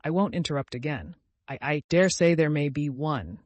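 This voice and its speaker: A man's voice: a little high, animated, normal speed, no room sound, lightly acted. A man reading an audiobook, voicing a curious, polite young girl who asks earnest questions.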